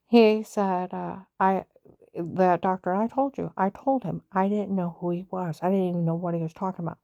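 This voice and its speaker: Lady w a low warm voice going off on a rambling repetitive rant, very dry close sound. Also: vocal fry, no room sound. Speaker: vlogger. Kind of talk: agitated personal rant.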